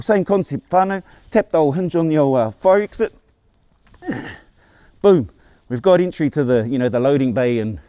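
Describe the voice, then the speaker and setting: A New man in his forties rambles through his own story for his viewers. He restarts and repeats words as he goes and swears without a second thought. His voice sits a touch high for a man, with a mellow, warm tone and a dry, close sound. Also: no echo. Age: 40s. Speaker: vlogger. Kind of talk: casual storytelling to camera.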